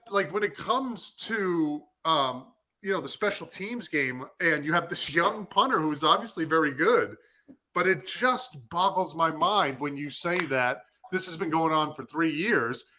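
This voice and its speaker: A man in his thirties co-hosting a casual sports chat, talking in an animated, fired-up way. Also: on the high side, normal speed. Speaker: podcast co-host, former defensive lineman.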